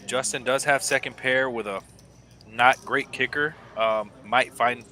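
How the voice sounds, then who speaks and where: Bright-voiced male poker commentator. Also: medium pitch. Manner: measured, analytical play-by-play.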